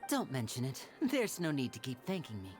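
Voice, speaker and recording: An actor voicing a showy young male stage magician who talks like a smooth, gracious showman. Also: mid-range voice, huge pitch swings, fairly quick, darkish tone, faint music behind.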